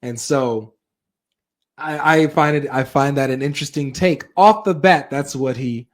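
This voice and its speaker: A man hosting a live reaction stream, reading chat and talking straight to his viewers in an animated way. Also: mid-range voice, a little slow. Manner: animated, talks straight to viewers with frequent asides.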